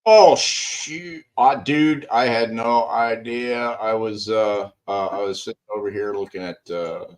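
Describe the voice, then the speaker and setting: A man joining a casual chat who speaks hesitantly, stumbling over fillers. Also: fairly low pitch. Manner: hesitant and halting, with filler words.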